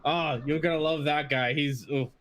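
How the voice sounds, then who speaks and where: A man voicing a rowdy male dwarf in a tavern who mocks newcomers with loud banter. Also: fairly high pitch, steady tone, moderate pace, background noise, natural voice. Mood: mocking.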